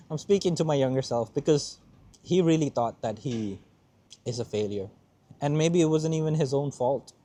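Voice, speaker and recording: A young man with a fairly high, animated, mellow voice hosts a motivational podcast at a normal speed, pausing often. His heartfelt monologue is earnest, he repeats points for emphasis, and at times he sounds close to tears.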